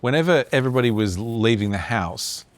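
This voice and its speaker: A man's voice: mid-range voice, animated, a little fast, no echo. A male podcast host chatting casually, asking long, loosely framed questions. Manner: easygoing, asks rambling questions. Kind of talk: casual interview.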